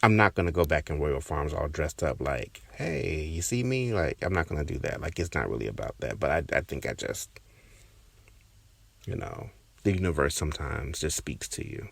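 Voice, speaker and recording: A man with a very deep, gravelly, husky voice muses over a personal story for his podcast. He talks in a loose, halting way, restarting his sentences and now and then sinking into a whisper. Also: expressive, a bit bright, no echo. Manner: reflective, halting, with many restarts and fillers. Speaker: podcast host.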